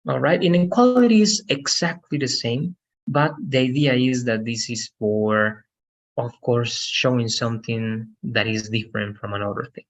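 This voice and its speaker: A man's voice: medium pitch, moderate pace, poor audio. A man teaching an English lesson on a video call, explaining patiently and often checking with "right?". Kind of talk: online language lesson.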